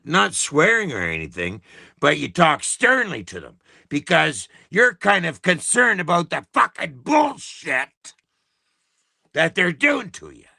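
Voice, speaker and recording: A man's voice: fairly high pitch, creaky, sharp tone, no echo, studio quality. A Canadian man hosting a live broadcast, delivering a heated, profane rant. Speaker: livestream host. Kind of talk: angry ranting monologue.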